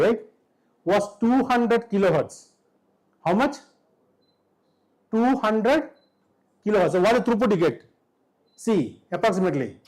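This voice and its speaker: A man with an Indian English accent giving a classroom lecture in a college hall, constantly quizzing his students with quick questions. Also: high-pitched, a little mellow.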